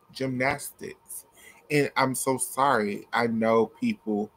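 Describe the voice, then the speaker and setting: A man's voice: medium pitch, very animated, slow pace, creaky, fairly bright tone. A young man ranting heatedly in a commentary vlog, blunt and profane, hammering his points through repetition. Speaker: gymnastics commentator.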